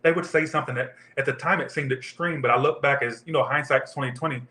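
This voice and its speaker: A man's voice: mid-range voice, fast talker, bright, forceful tone, echoey room. A man giving a casual tarot reading, rambling off into profane tangents. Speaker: tarot reader.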